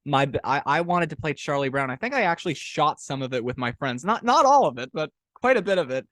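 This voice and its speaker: A man hosting a podcast, asking questions in a relaxed, jokey way and often saying "you know". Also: a little high, fast talker, no echo. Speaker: podcast host. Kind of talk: casual interview chat.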